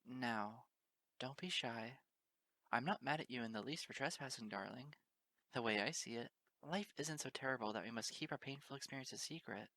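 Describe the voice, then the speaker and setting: A man voicing a gentle, motherly mare pony who speaks softly and coaxingly. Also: mid-range voice, normal speed, dry recording. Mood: soothing. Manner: soft, coaxing, calls others darling.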